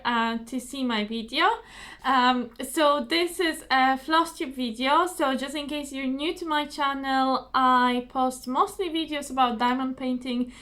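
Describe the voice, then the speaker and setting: Hosting her crafting video, a young woman talks to camera in a casual, apologetic way, her high voice fairly bright and a touch hoarse. Fillers and repeated words come up often.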